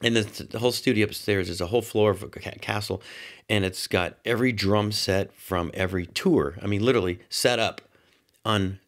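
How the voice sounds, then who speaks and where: A man telling a rambling, animated anecdote as a talk show guest, full of restarts and quoted dialogue. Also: lowish voice, brisk. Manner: animated storyteller. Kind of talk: casual anecdote.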